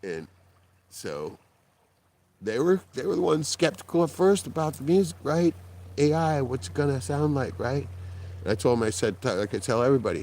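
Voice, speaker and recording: A man hosting a live stream, telling a story in casual talk, swearing and laughing often as he quotes other people. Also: moderate pace. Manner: animated, jumps in pitch when quoting and laughing. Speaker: livestream host.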